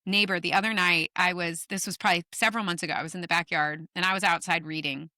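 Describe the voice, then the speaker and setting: A middle-aged woman guest on a podcast, telling stories in an animated, emphatic way and swearing casually. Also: fairly low pitch, fast, dry recording, studio quality. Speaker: guest author. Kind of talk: podcast conversation.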